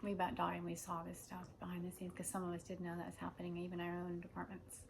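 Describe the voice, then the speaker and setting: A woman's voice: on the low side, monotone, fast talker, vocal fry, slight background noise, low-quality recording. A woman hosting an unscripted monologue who rambles and jumps between ideas. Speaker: host.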